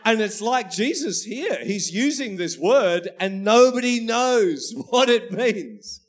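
A male pastor preaching a sermon, telling family stories in an animated, laughing way. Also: sits high, takes it slowly. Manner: storytelling, animated, laughing at his own anecdotes.

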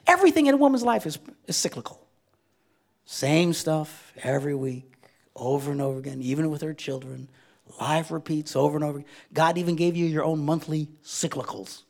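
A middle-aged male pastor preaching a humorous sermon, telling comic stories and swinging between loud bursts and hushed asides. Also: fairly high pitch, brisk, gravelly.

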